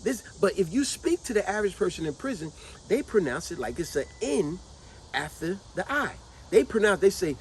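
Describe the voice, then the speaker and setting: A woman's voice: mid-range voice, big pitch swings, normal speed, a little mellow, slight background noise, rough recording. A middle-aged woman giving casual commentary to her vlog audience, emphatic and repetitive, stretching out words to drive her points home. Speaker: vlogger.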